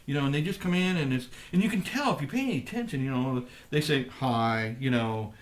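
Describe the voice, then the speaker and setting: A middle-aged man, a pastor, talking on a live ministry program in a thoughtful, halting way with many restarts. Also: fairly high pitch, very animated. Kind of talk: live radio ministry talk.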